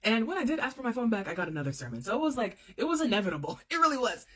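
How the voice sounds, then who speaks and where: Young adult woman, casual storyteller, expressive, repeats lines for emphasis. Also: fairly high pitch, rapid-fire, a little hiss or hum.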